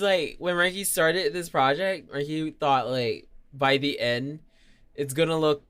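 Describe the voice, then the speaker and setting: A man's voice: on the high side, fairly even intonation, unhurried, fairly bright tone, clean tone. A young man streaming and chatting casually. He talks about himself in the third person and mocks himself. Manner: self-mocking and chatty. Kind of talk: casual live-stream chat.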